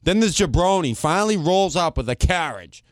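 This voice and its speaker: A man's voice: on the high side, moderate pace, no room sound, clean studio sound. A man co-hosting a casual talk show, telling a long rant and acting out both sides of the exchange. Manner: animated, acts out both sides of a story, swears casually. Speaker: podcast co-host. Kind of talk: casual chat, storytelling rant.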